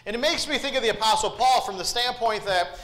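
Guy preaching in a church, higher voice, asks the folks questions, echoey room. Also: fast talker, a bit bright. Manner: earnest, asks the congregation questions. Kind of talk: sermon. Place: church sanctuary.

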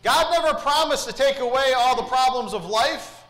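A male preacher delivers an earnest sermon, often turning to the congregation with questions. His voice sits high and bright. The sound carries the echo of a church sanctuary. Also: normal speed.

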